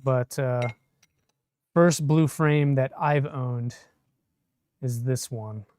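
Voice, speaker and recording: A man speaks extremely slowly in a medium-pitched, steady, somewhat dark voice while building a 3D printer on a live stream. Slightly shaky from caffeine, he talks casually and answers viewers' comments as he works.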